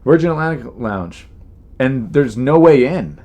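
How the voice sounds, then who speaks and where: A man's voice: mid-range voice, expressive, unhurried, warm tone, dull audio. A man hosting his podcast, telling stories in a rambling casual monologue full of "you know" fillers and exasperated imitations of people. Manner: mimics people in exasperated quoted asides. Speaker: podcast host.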